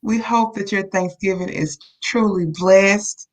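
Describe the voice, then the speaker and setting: A woman's voice: medium pitch, steady tone, measured pace, low-quality recording. A woman co-host speaks in an upbeat, encouraging way during casual live promotional chat, talking straight to her viewers. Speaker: co-host of a live online show.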